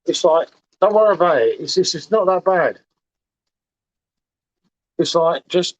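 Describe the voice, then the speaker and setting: A man's voice: a little high, lively intonation, unhurried, pauses often, rough recording. A slightly tipsy man hosting a casual beer-sampling livestream, matey and rambling, calling everyone "mate". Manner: matey, repeats himself, says "mate" a lot. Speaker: livestream host. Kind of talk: casual chat.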